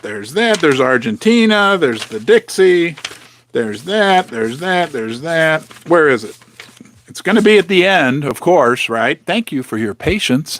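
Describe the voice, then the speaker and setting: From his home basement, the host of a precious metals channel gives a casual, rambling commentary, talking straight to viewers with sarcastic asides and muttering to himself. His voice is fairly high-pitched with a fairly bright tone.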